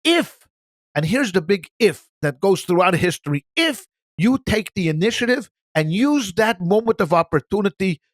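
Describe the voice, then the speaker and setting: A man's voice: high voice, big pitch swings, moderate pace, no room sound, clean studio sound. A man, a rabbi, talking animatedly in a casual Bible discussion and often repeating words as he searches for the next one.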